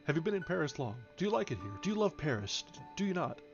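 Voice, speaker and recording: A man reading the lines of a gushing society woman firing off rapid questions, on a dull recording with faint music behind. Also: a little high, big pitch swings, creaky, voice pushed up.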